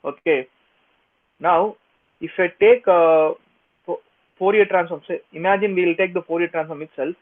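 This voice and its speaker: Male online tutor, fairly high voice, stop-start delivery, keeps asking if students follow; lo-fi phone-quality sound. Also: steady tone. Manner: halting, repetitive, checks in with "you got it, right?". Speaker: engineering exam lecturer. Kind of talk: online lecture. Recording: tinny, phone-like lo-fi audio.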